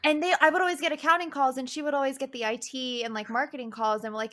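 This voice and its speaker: A woman co-hosting a casual podcast, blunt and emphatic. Her voice is bright and forceful, and she swears offhandedly. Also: sits high, fairly even intonation, quick pace, few pauses. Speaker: podcast co-host. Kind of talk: casual chat.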